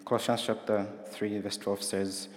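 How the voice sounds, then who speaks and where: A man's voice: lowish voice, flat delivery, normal speed. A man preaching a sermon in a conversational way, asking his listeners questions. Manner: conversational, asks the congregation questions. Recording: roomy hall with long reverb.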